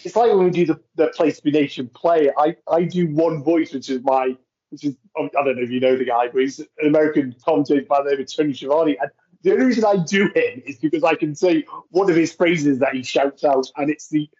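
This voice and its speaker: A man's voice: a little high, a little mellow, husky, highs cut off. A man co-hosting a podcast, chatting casually about a film and stumbling over his words. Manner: halting, repeats words, laughs easily. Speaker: podcast co-host. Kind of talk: casual film commentary chat.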